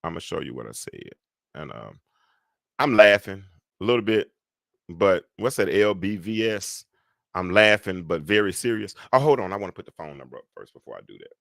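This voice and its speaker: A man hosting a live call-in talk show, rambling and animated, swinging between loud and soft talk. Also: low voice, brisk, creaky, no room sound, studio quality.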